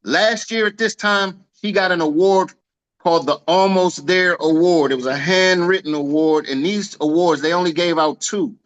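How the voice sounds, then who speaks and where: Guy on a video call hyping up his teammate, lively slangy storytelling, voice a bit on the high side. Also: moderate pace, highs cut off. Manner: animated storyteller, slangy, acts out dialogue. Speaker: team leader honoring an agent. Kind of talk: casual celebratory speech.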